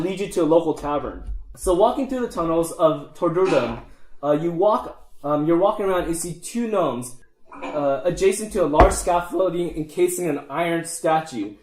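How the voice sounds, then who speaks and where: A man narrating as game master of a tabletop game, halting and full of fillers and restarts. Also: fairly high pitch, a little mellow. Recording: echoey room.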